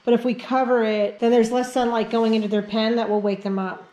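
On a muffled recording, a middle-aged woman from the Catskills in New York leads a casual vlog tour of her house, talking to viewers as she walks through the rooms. Her voice is on the high side, level in tone, mellow and a little fast. She's chatty and baby-talks her dogs.

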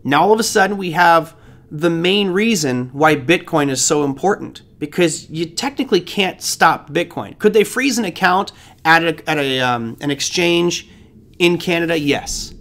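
A man's voice: a little high, lively intonation, normal speed, a bit bright. A man hosting a trading show, giving casual market commentary in a rambling, conversational way with side stories.

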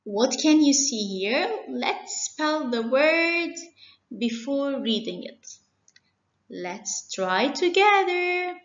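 Slow, patient woman teaching phonics. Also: sits high, very animated. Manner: slow, patient, spells words out letter by letter. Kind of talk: children's phonics lesson. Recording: dull, lo-fi and echoey.

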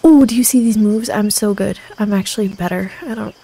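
A woman streamer giving casual commentary on her game, excitable and jumpy, often joking at herself. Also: medium pitch, brisk, slight background noise. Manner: excitable, jumpy and self-mocking while playing. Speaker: gaming streamer. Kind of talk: casual let's play commentary.

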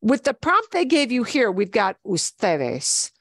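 Woman teacher, patient, slow delivery, animated rising and falling pitch, dry close sound. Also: gravelly, no echo. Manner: slow, patient, repeats each form with lively emphasis. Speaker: Spanish teacher. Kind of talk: online language lesson.

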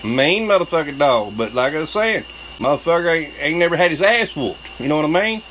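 A man's voice: a little high, animated, fairly quick, a bit bright, slight background noise, rough recording. Profane Southern man spinning a yarn. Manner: profane, boastful, laughs often. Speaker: channel host telling a story. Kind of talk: crude storytelling monologue.

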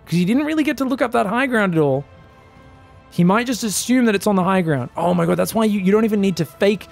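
A man casting a live esports match, excitable and joking, shouting out at big plays. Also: sits high, quick pace, gravelly, faint music behind. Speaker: esports caster. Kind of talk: live game commentary.

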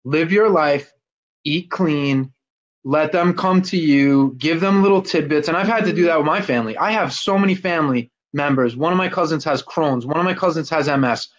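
A man's voice: fairly high pitch, moderate pace. A blunt, emphatic man chatting as a guest on a livestream. He talks without filters and swears freely. His voice comes through a dull, lo-fi call line. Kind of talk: casual chat on a livestream.

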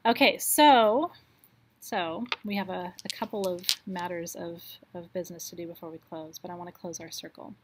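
Over heavy background noise, a woman with a lowish voice leads a live online ritual, slowly and soothingly guiding a meditation and dropping softer for the affirmations.

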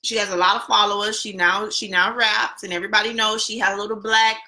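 A young adult woman co-hosting a live podcast, chatting casually and relaxed while eating. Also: medium pitch, quick pace. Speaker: podcast co-host.

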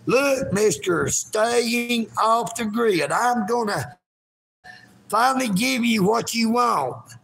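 A man, vlogging outdoors at a park in a folksy, rambling way that bursts into shouting. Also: very high voice, animated, slow, creaky. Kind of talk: rambling livestream vlog.

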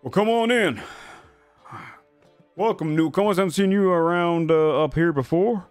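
A man's voice: high voice, moderate pace, darkish tone, smooth, no room sound, faint music behind, voice pushed up, lightly acted. A man voicing a friendly, broad, gray-haired male minotaur barkeep who chats with newcomers. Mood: welcoming. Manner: welcoming, chatty.

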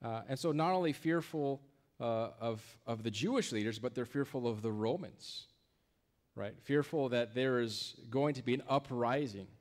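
A man's voice: mid-range voice, moderate pace, darkish tone. Conversational male pastor preaching. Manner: conversational, with frequent restarts and "right?". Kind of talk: sermon.

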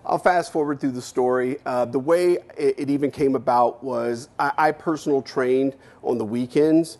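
A man in his fifties gives a keynote speech, telling his story in a candid, animated way with casual swearing. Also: mid-range voice, moderate pace. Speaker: keynote speaker.

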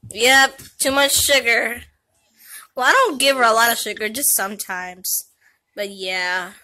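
At home in the living room, a young mother filming a casual vlog playfully teases and coaxes her small child. Her voice is fairly high and sharp, her pace unhurried, with slight background noise.

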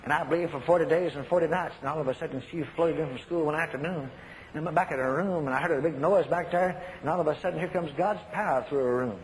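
A man's voice: on the high side, fast talker. An older man preaching a sermon in a folksy, emphatic way, laughing as he tells his stories, in an echoey hall recording with faint noise.

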